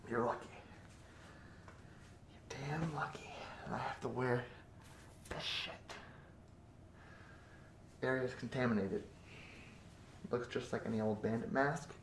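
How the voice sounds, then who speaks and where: A man acting as a crude, menacing bandit captor in a 3D audio role-play, swinging between close whispers and loud taunts. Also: medium pitch, slow, pauses often, echoey room, background noise.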